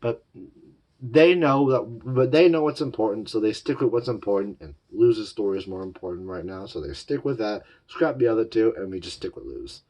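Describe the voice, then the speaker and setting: A man's voice: lowish voice, animated, normal speed, darkish tone. A man giving a casual, rambling spoken review of a cartoon series, looping back on his points with loose fillers. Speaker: show reviewer.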